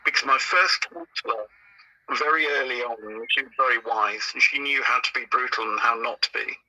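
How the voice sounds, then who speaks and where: A man's voice: mid-range voice, a little fast, bright, forceful tone, poor audio. A man guesting on a podcast interview, telling stories in a rambling, anecdotal way with frequent restarts.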